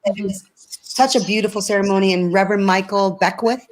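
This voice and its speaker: A woman's voice: mid-range voice, fairly even intonation, fairly quick, poor audio. A woman guest on a video call, speaking earnestly and telling a personal story with many restarts. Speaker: interview guest, singer. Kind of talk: casual conversation.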